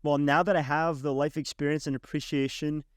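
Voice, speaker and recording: A man's voice: on the high side, level tone, brisk, no echo, studio quality. A man hosting a podcast interview who talks conversationally, hesitating often and restarting his sentences. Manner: hesitant, with many restarts and fillers. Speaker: podcast host.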